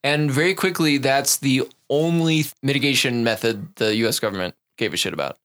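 A man's voice: mid-range voice, a little fast, fairly bright tone. Man, podcast host, sarcastic, profane, casual political talk. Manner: sarcastic, profane, mocking voices.

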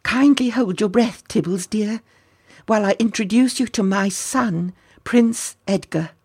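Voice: medium pitch, a little slow, darkish tone, husky, pitched above the performer's own voice. A storyteller voicing a doting young princess in a storybook, gushing and fond in a sweetly formal way. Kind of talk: storybook character voice.

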